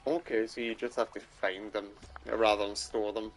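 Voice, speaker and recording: A man's voice: fairly low pitch, level tone, moderate pace, a little hiss or hum. A Scottish man giving casual let's play commentary, muttering and swearing as he plays. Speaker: gaming streamer.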